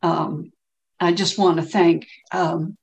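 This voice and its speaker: Woman, emotional meeting share, halting and gravelly, slow. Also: fairly low pitch, steady tone, dull audio. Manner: halting, many ums, tearful. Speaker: meeting participant sharing. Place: home, on a video call. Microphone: video call.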